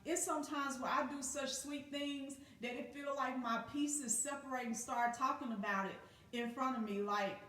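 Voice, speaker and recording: A woman with a slightly high voice gives a spiritual teacher's motivational talk, blunt and heavy on profanity. She speaks with loud emphasis and never softens her words. The recording is roomy and echoing, with her voice sitting some way back from the microphone. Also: steady tone, moderate pace. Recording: echoey room, distant from the mic.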